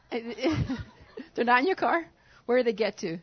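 A pastor's wife giving an informal sermon, coaxing and chatty with frequent chuckles. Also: female voice, a little high, expressive, takes it slowly, breathy edge. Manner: conversational, coaxing, often chuckling. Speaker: pastor's wife leading a church service. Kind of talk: informal sermon talk to a congregation. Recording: dull lo-fi church recording.

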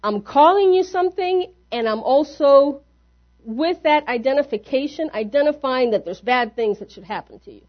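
A woman's voice: on the high side, normal speed. A woman pastor preaching a sermon in a church, talking to the congregation in an easy, conversational way and often asking them questions. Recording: dull lo-fi sermon recording.

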